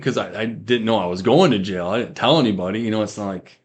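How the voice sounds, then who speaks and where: A man with a fairly low voice tells his story in a loose, rambling way. He circles back over the same words and acts out the lines of the people in his story. It sounds like casual spoken testimony rather than a prepared speech. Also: brisk. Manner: rambling storyteller who repeats himself and acts out quoted lines. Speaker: guest giving a faith testimony.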